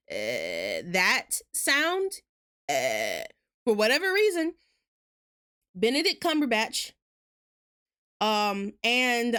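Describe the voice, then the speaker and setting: Woman streamer, chatty and tangent-prone, bouncy lively voice sitting a bit high. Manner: rambling, tangent-prone, laughs often. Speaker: game streamer. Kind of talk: casual chat while gaming.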